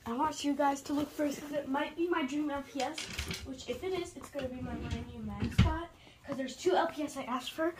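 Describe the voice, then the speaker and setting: High-voiced girl gushing over a toy. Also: brisk, background noise. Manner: gushing, breathless excitement with trendy slang. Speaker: toy unboxing vlogger. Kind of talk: casual unboxing vlog.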